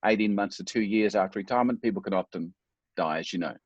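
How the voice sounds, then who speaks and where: A man's voice: fairly low pitch, fast talker, slightly rough, no room sound, lo-fi sound. A middle-aged man speaking as a guest, telling his life story in an earnest, reflective, self-deprecating way. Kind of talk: personal storytelling in a talk.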